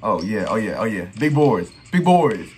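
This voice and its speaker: A young man giving excited reaction commentary on his old basketball footage, trash-talking and repeating his phrases. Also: lowish voice, normal speed. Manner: hype trash talk, repeats phrases, keeps saying "bro". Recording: faint music behind.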